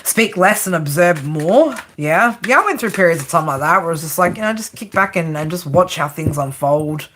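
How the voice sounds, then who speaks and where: A woman's voice: on the low side, expressive, fairly quick, few pauses, a bit bright. A woman with an Australian accent giving a casual, chatty live tarot reading, laughing often and swearing freely. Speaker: tarot reader.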